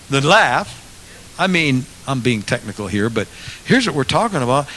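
A man's voice: mid-range voice, big pitch swings, normal speed. Man preaching an impassioned sermon. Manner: swings from quiet asides to loud impassioned preaching. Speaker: pastor.

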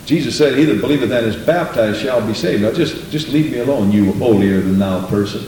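A man's voice: brisk, darkish tone, slight background noise. A man preaching a sermon in a church, asking questions and acting out quarrels between people. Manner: rhetorical, acts out quoted dialogue with pitch jumps. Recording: very echoey room, voice far from mic.

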